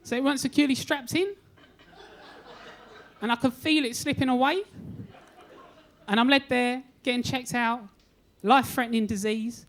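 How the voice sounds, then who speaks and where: A man's voice: extremely high pitch, normal speed, pauses often, fairly bright tone. A young man doing a stand-up comedy set on a club stage, telling self-deprecating stories with a cheeky edge. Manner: cheeky, self-deprecating storytelling with acted-out quotes.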